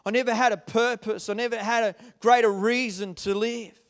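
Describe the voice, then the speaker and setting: A young man telling his life story as an earnest testimony, moving between loud, animated stretches and hushed, quiet ones. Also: extremely high pitch, normal speed. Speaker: speaker sharing a personal testimony. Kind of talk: testimony talk.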